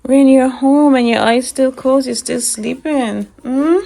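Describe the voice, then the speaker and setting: A woman's voice: sits high, steady tone, a little slow, vocal fry, warm tone, slight background noise. A Caribbean woman in her thirties, born in Jamaica and raised in Anguilla, vlogging at home on a handheld phone, teasing her family and laughing often. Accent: Caribbean English. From Caribbean, born in Jamaica, grew up in Anguilla. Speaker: vlogger and mother. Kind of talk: casual family vlog. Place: at home indoors.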